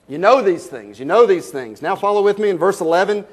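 A fairly high-voiced man preaching. He tells folksy stories and fires rhetorical questions at the congregation, swinging from loud bursts to slow, emphatic lines. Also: animated, breathy edge. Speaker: pastor. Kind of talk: sermon.

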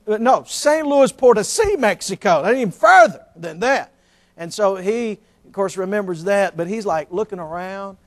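A middle-aged man preaching a sermon as pastor, telling folksy jokes and stories. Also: high voice. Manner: folksy, joking, storytelling.

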